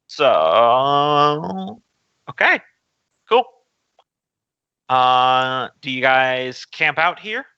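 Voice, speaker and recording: A man's voice: fairly high pitch, bright, forceful tone, clear, resonant tone, no echo, muffled recording. A man acting as game master, calling for rolls and describing terrain plainly. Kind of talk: running a tabletop game over a call.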